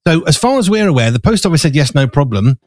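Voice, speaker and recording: A man's voice: on the high side, big pitch swings, fast talker, no room sound, clean studio sound. Chatty man hosting live, slightly breathless. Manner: chatty, rambling with fillers, eating while talking. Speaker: show host. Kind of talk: casual live studio chat. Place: small studio.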